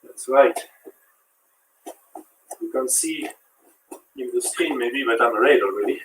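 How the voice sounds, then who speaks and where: A man's voice: mid-range voice, takes it slowly, a bit bright, reverberant, distant mic, slight background noise, rough recording. French-accented man coaching a workout. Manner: counts reps and coaches while exercising. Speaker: fitness instructor. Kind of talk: live workout demonstration.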